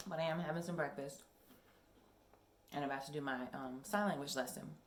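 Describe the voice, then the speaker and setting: A young woman with a low voice chats casually to her camera, rambling a little and filling pauses with ums. The sound is roomy with echo from her home workout space, and there is a faint hiss behind her. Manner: chatty, rambling, with many ums. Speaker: vlogger. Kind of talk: casual vlog chat.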